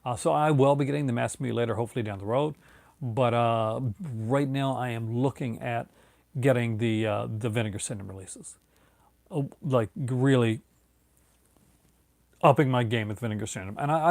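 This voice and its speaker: A tired, yawning man hosts his own video in a casual late-night chat, rambling with lots of fillers and restarts. His mid-range voice is brisk, creaky, and a little mellow, with no echo.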